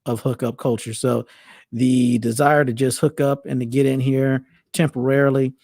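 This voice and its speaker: A man's voice: mid-range voice, little pitch movement, normal speed, vocal fry, darkish tone, no room sound, clean studio sound. A man hosting a show, talking in a loose, rambling way with frequent restarts. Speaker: host. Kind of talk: casual monologue.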